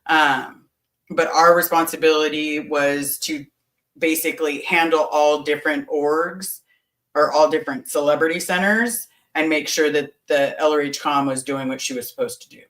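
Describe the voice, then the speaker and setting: A woman's voice: deep voice, fairly even intonation, normal speed, a bit bright, echoey room, distant mic, rough recording. A woman talking bluntly and candidly as a guest in a casual chat, swearing now and then.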